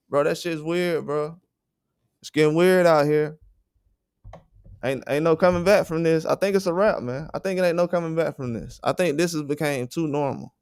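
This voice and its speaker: A man's voice: fairly high pitch, smooth, no room sound. Male livestream host, fired-up and profane, clean resonant tone with a dry close sound. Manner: blunt, profane, indignant. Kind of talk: heated livestream rant.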